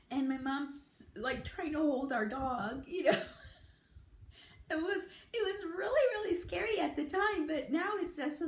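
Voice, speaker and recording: Casting note: woman vlogger, high voice, unhurried, giggly storyteller, echoey room. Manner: giggly, laughing through the story. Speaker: beauty vlogger. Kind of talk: casual storytelling.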